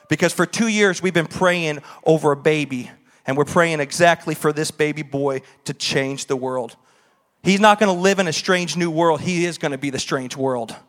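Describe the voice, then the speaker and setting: A young man preaching a sermon with passion, his voice climbing toward near-shouting at emotional peaks. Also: sits high. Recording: long hall reverb.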